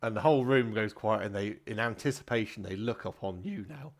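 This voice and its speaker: A man narrating a tabletop game as game master, describing the scene in a lively way. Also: lowish voice, fairly quick, hardly any pauses.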